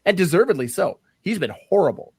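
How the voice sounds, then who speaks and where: A man's voice: high-pitched, sing-song, fast talker, breathy edge, dry recording, studio quality. A man co-hosting a podcast, chatting casually about football. He is opinionated and sometimes searches for words. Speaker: podcast co-host. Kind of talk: casual sports chat.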